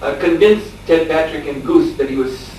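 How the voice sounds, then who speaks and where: A monk lecturer, male with an average-pitched voice, shares a long anecdote at normal speed in a scripture class held in a farmstead lecture room. He chuckles often, hesitates with fillers, and stays casual throughout. Captured from a distance, the audio is strongly reverberant with a faint hiss.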